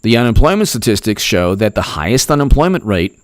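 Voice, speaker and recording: A man's voice: fairly low pitch, big pitch swings, a little fast, dry recording, studio quality. A man giving a rambling, heated political commentary vlog in a conversational way.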